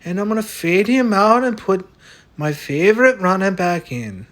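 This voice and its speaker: A man plays a stubborn, boastful fellow who insists he is Irish. He talks bluntly and swears freely. His voice sits high and swings in lively leaps, with a loud, keyed-up delivery. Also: normal speed. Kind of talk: comic sketch over a fantasy lineup.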